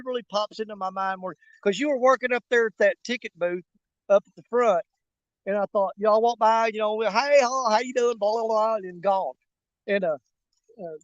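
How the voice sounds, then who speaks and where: A man with a high-sitting voice hosts his fishing channel outdoors by a river, chatting casually and jokingly with viewers in a live stream. He rambles in a folksy, jokey way with frequent fillers, and the recording is dry and muffled.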